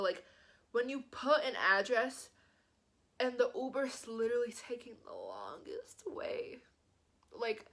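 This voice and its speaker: A young woman tells a storytime vlog in a loose, chatty way, leaning on "like" between phrases. Her voice sits a bit higher than most women's. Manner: animated, says "like" constantly. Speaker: vlogger.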